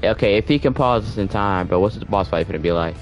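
A man streaming a video game, reacting in excitable, joking, rambling casual commentary. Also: lowish voice, quick pace, lo-fi sound, faint music behind. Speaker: gaming streamer.

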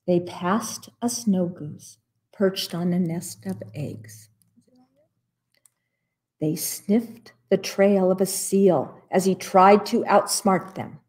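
A woman librarian reads a children's picture book aloud for story time. She takes it slowly and expressively, giving each line room. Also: on the low side. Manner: slow, expressive read-aloud.

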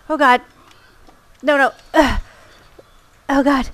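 A woman's voice: sits high, animated, measured pace. A woman giving let's play commentary as she plays, reacting aloud, exclaiming and muttering to herself. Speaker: gamer.

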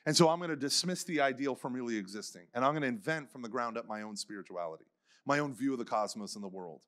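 A man's voice: mid-range voice, expressive, quick pace, a bit bright. A man giving a faith conference talk, telling stories casually with many "like" fillers and acting out the people he quotes. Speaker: conference speaker.

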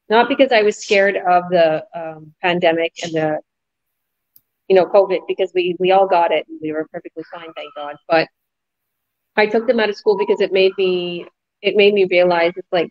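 A woman and mother, a business coach hosting a casual group chat, who tells stories with lively energy and acts out her kids' voices. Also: on the low side, moderate pace, no echo, muffled recording. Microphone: video call.

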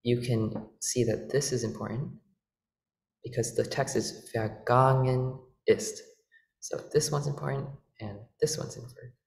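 A man's voice: mid-range voice, steady tone, unhurried, creaky, a little mellow. A man presenting an organ workshop, patiently explaining music theory with fillers and self-corrections. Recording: echoey room with organ playing.

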